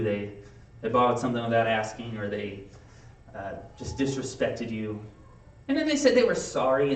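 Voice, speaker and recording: A man preaching a sermon in a casual, conversational way, acting out quick playful asides. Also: medium pitch, darkish tone, a little hiss or hum. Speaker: pastor. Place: church sanctuary. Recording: echoey room, mic from a distance.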